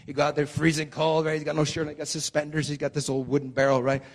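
High-voiced preacher man in reverberant hall. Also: monotone, fast. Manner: chatty storytelling that bursts into shouted exclamations; keeps asking the crowd "right?". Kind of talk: sermon. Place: church sanctuary.

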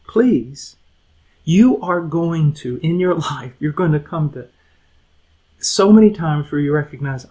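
A man's voice: a little high, moderate pace, a little mellow, husky, rough recording. A man teaching a conversational Bible lesson to young people, earnest and emphatic, often repeating words, chuckling, and asking his listeners direct questions.

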